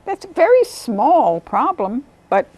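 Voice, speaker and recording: A woman, a volunteer literacy tutor, telling stories about her students in a lively interview, sometimes acting out what they said. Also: takes it slowly. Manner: animated, acts out quotes in a higher voice. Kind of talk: storytelling interview.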